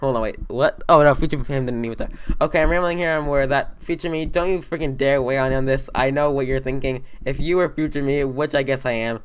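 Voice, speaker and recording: A man's voice: mid-range voice, fast talker, hardly any pauses, smooth, natural voice. A man voicing an irritable, bossy young male troll leader in a fan dub, ranting and rambling in exasperation.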